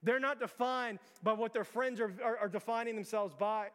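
Young man, pastor, sermon, high voice, impassioned repetition, long church reverb. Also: moderate pace, a bit bright, clear, resonant tone. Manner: impassioned, repetitive preaching cadence. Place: church sanctuary.

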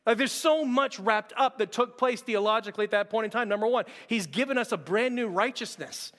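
A man's voice: high-pitched, fairly quick, a bit bright. A man preaching a sermon as pastor, in a loose, conversational way full of fillers and restarts. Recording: long hall reverb.

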